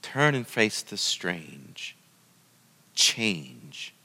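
A man's voice: sits low, sing-song, very slow, sharp tone, slightly rough, in a large hall. A middle-aged man giving a storytelling sermon in a conversational way, often turning to ask his listeners questions. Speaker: church speaker.

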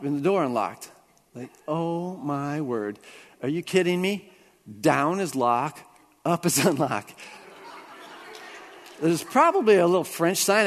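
A man preaching a sermon, telling a personal story with lively swings between hushed and excited delivery. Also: sits high, long reverb tail. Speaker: pastor.

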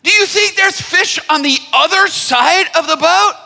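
A man voicing a group of male fishermen on shore who mock and jeer in shrill, laughing voices. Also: moderate pace, creaky, sharp tone, big-room sound, exaggerated voice.

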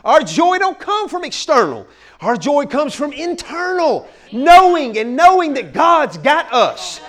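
High-voiced excitable pastor. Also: male voice, a little slow. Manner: excitable, shouting bursts, folksy "man" fillers. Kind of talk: energetic sermon.

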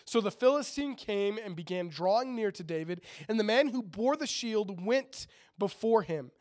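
A man preaching in a relaxed, chatty way, reading scripture aloud and breaking off for joking asides to his listeners. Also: sits high, moderate pace. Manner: chatty, jokey asides to the audience. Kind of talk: casual sermon with scripture reading.

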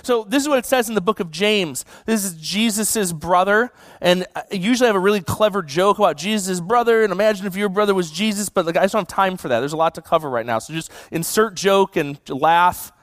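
A man's voice: high voice, fairly quick, hardly any pauses, a bit bright, no echo. A young adult man giving a casual sermon as a guest preacher, conversational and joking, with many "like" fillers.

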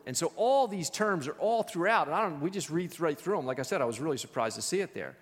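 A man leads a church Bible study, speaking in a relaxed, conversational way. He tells stories with lively energy, and his voice sits a little high. His words ring out with the long echo of a church hall. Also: fast talker, few pauses. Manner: conversational, animated storytelling with acted quotes.

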